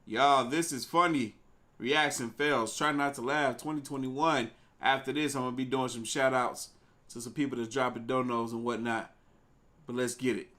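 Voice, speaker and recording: A man streaming a live reaction, casually talking to his chat in an animated way. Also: mid-range voice, moderate pace.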